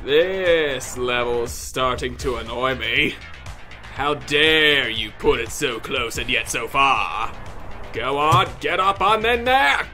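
A man commentating his own gameplay, yelling and cursing at the game in frustration, with mock-pompous outbursts. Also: medium pitch, lively intonation, slow, faint music behind.

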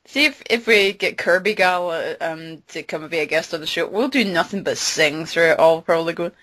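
A woman's voice: on the low side, fairly quick, a bit bright. A woman co-hosting a casual podcast chat, giggling and breaking into silly sing-song voices. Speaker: podcast co-host.

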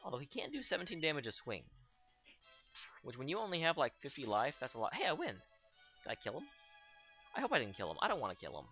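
A man's voice: mid-range voice, wildly swooping pitch, fast talker, long pauses, bright, forceful tone. A young man chatting through a game playthrough with a sarcastic, joking edge. His voice swings widely up and down as he reacts, and faint game music runs underneath. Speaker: let's play host. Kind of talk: casual gameplay commentary.

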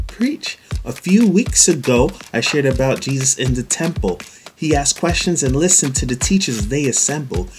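Guy doing a rhymey kids church talk, sing-song, soft music under it. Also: medium pitch. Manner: sing-song rhyming delivery. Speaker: children's church teacher. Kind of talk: rhyming devotional talk for kids.

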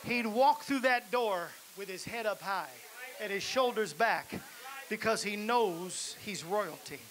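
A man preaching a lively sermon in a church, exhorting the congregation and building to shouts. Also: high-pitched, measured pace. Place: church sanctuary. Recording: hissy live church recording.

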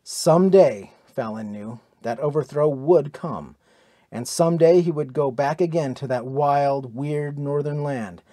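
Male narrator for pulp adventure audiobook, fairly high, dramatic, dry close sound. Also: measured pace, dark tone, dry recording.

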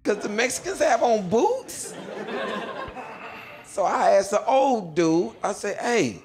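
Man, stand-up comedian, storytelling, acts out characters, lively voice, crowd laughter. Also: sits high, takes it slowly. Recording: stand-up set played back with audience noise. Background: audience laughter.

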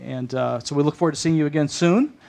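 A man hosting a faith talk show, halting and full of fillers. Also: on the high side, gravelly, darkish tone. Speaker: host.

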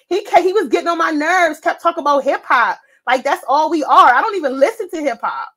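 An American woman hosting a casual chat, telling a story in a brash, animated, roasting way. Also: high-pitched, fairly quick, low-quality recording. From United States. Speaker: livestream host.

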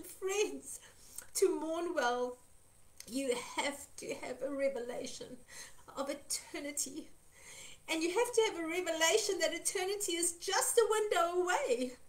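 Very high-voiced earnest woman preaching. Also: lively intonation, unhurried. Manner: earnest, emphatic, repeats phrases for stress. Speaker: Christian minister. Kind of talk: devotional teaching talk.

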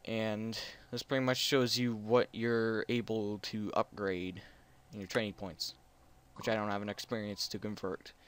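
A man's voice: lowish voice, little pitch movement, unhurried, fairly bright tone, clean tone. A man hosting a casual video game let's play, talking through what he sees in a rambling, unsure, self-deprecating way. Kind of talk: casual gameplay commentary.

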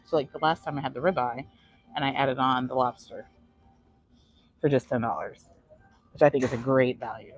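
A woman's voice: rumbling low, moderate pace, long pauses, breathy edge, faint music behind, rough recording. A woman vlogger giving a chatty live walking tour of a cruise ship, answering chat questions, a little out of breath. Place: aboard a cruise ship, indoor decks.

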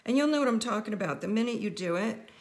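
Chatty woman teaching card-making, gravelly voice. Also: fairly high pitch, expressive, quick pace. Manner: chatty and playful, jokes with viewers. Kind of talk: casual crafting tutorial.

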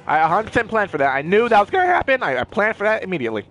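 Excitable high-voiced male gamer. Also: racing, soft background music. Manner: excitable, exclaiming and playfully taunting enemies. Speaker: gameplay commentator. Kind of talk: casual let's-play commentary. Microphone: personal desk mic.

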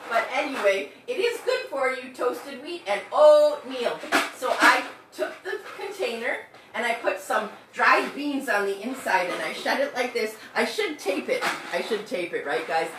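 A woman's voice: fairly high pitch, expressive, a little slow, hardly any pauses, echoey room, distant mic, noisy background. A woman in her fifties leading a playful online music class for young children, singing call-and-response songs. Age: 50s. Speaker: kids' music teacher.

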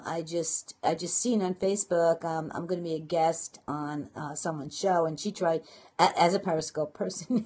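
Husky Brooklyn woman, chatty and fast. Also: fairly low pitch. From Brooklyn, New York. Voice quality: fast, chatty, many fillers and restarts. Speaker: blogging and marketing coach. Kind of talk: casual live-stream talk. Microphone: phone or webcam live stream.

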